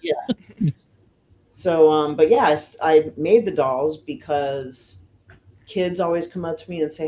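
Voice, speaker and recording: A middle-aged woman from the United States, a fire lieutenant, telling stories casually in an interview, with lots of "you know" and "um" and lively voices for the people she quotes. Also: sits low, a little slow, long pauses, slight background noise. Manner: chatty, fills with "you know" and "um", animated retelling of quotes. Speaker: firefighter lieutenant and guest.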